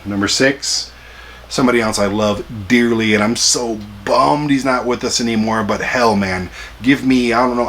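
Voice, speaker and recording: In his rambling collecting vlog, a forties-aged host keeps things jokey and chatty, tossing in self-deprecating remarks. He speaks with a lowish, somewhat bright voice over a little hiss or hum.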